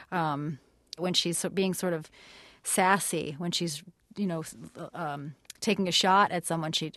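A woman's voice: on the low side, fairly bright tone, no room sound, studio quality. A woman guest in a radio interview, explaining her craft thoughtfully with many hesitations and light laughs. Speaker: actress and guest.

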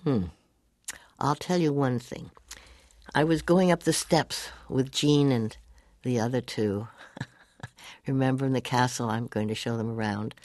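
A woman's voice: a bass voice, measured pace, long pauses, darkish tone, dry recording, studio quality. An older woman as an interview guest, telling anecdotes animatedly, laughing often and acting out whispered lines.

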